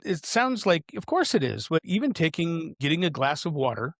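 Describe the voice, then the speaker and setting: A man co-hosting a casual podcast, joking and halting, asking long roundabout questions. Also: on the high side, very animated, a bit bright, no echo, studio quality. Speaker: co-host.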